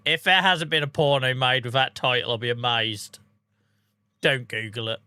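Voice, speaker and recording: A man's voice: mid-range voice, steady tone, normal speed, bright, forceful tone, smooth, no echo. A man chatting casually on a live game stream, bantering, laughing often and answering viewers' messages. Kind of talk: casual live-stream chat over gameplay.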